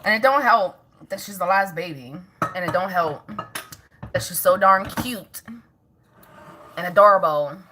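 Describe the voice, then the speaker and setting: A woman's voice: lowish voice, measured pace, long pauses, bright, forceful tone, slight background noise. A woman vlogging casually at home as a mother, chatting with viewers, laughing often and scolding her toddler in between.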